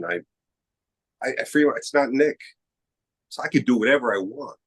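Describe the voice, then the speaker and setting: A man's voice: medium pitch, slightly rough, low-quality recording. A middle-aged man from Queens, New York, an actor being interviewed on a podcast, talking casually and acting out the dialogue in his stories. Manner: animated storyteller who acts out quoted dialogue. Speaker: actor guest.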